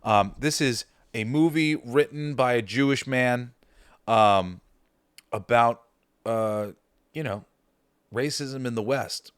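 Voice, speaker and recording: A man hosting a podcast, chatting casually and excitedly about favorite comedy films, swearing and laughing as he retells scenes. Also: mid-range voice, clean tone, no echo, clean studio sound. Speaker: podcast host. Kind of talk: casual movie ranking chat.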